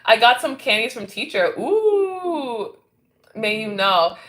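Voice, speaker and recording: A woman's voice: a little high, very animated, slow pace, a bit bright. A woman from Canada hosting a casual livestream, chatting with viewers, reading out their comments and laughing often. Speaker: livestream host reading chat.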